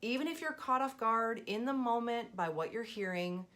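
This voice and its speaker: A woman leadership coach hosting a scripted video lesson, telling a personal story in an expressive, clear and measured way. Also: a little high.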